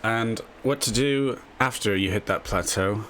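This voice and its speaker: Low-voiced man rambling through chess tips. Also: a little slow, fairly bright tone, slight background noise. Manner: rambling, tags lines with a questioning "yeah?". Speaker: chess video host. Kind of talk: casual screen-share explainer.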